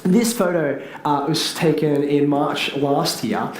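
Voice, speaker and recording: A man, a teacher giving a lively public talk to an audience and asking them questions. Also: a little high, slow, a little hiss or hum. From Australia. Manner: animated, asks the audience questions. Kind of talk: public speech. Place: large hall with audience. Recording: echoey hall, faint ambience.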